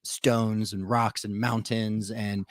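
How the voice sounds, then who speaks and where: A man's voice: fairly low pitch, flat delivery, takes it slowly, no echo, studio quality. A man narrating as game master of a comedy tabletop game, easygoing and hesitant.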